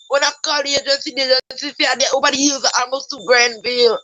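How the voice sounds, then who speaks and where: Woman, interviewee, grieving mother; higher register; repetitive, pleading testimony. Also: fairly even intonation, quick pace, few pauses, bright, forceful tone, poor audio. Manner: repetitive, pleading, breaks into tears and raised voice. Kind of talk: emotional personal testimony.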